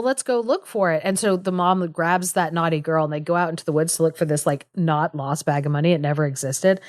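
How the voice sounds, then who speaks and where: Low-voiced chatty woman podcaster. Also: no echo, studio quality. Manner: chatty, retells with lots of "like" and laughs. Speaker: podcast co-host. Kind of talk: casual storytelling chat.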